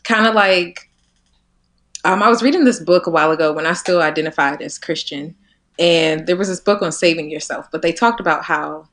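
Reflective woman in her twenties, low-pitched. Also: a little fast. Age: 20s. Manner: reflective, laughing often, drifting softer at ends of thoughts. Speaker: podcast guest. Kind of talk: casual conversation.

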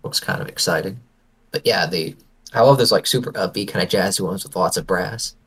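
A man's voice: low-pitched, brisk, fairly bright tone, breathy edge. A young man co-hosting a podcast, chatting casually with an enthusiastic, teasing manner. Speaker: podcast co-host. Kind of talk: casual chat.

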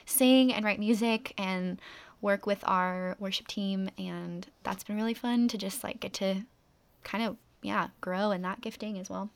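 A young woman co-hosting a casual chat, telling stories in a chatty way with quick asides. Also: medium pitch, fairly even intonation, creaky. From California. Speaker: co-host.

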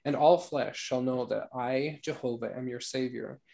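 Gravelly-voiced man leading a scripture study. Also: medium pitch. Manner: relaxed, easygoing, halting with fillers. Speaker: study group leader. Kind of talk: scripture study discussion and reading aloud.

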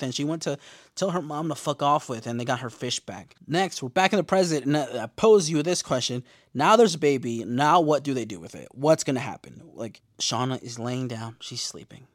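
A man casually recapping a TV episode in slangy, animated talk, acting out the characters' lines as he goes. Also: medium pitch, no echo, clean studio sound. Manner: animated, slangy, acts out quotes. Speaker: show recapper.

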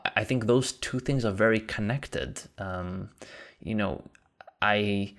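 A man in casual conversation, talking earnestly and reflectively with many fillers. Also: fairly low pitch.

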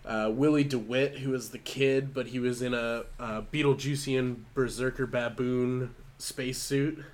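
A man's voice: medium pitch, steady tone, unhurried. A man in his thirties, a little tipsy, chatting casually as a podcast co-host, loose and profane with lots of fillers. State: slightly tipsy. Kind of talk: casual chat.

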